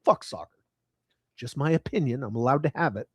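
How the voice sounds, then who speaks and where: A man's voice: mid-range voice, quick pace, breathy edge, no room sound, studio quality. A middle-aged man hosting a casual livestream, ranting with heavy profanity and reading chat messages aloud. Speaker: livestream host.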